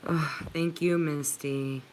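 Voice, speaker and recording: A woman's voice: deep voice, fairly even intonation, takes it slowly, darkish tone, slight background noise. A woman hosting a livestream, chatting earnestly and emotionally with viewers, with many filler "likes". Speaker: channel host reading live chat.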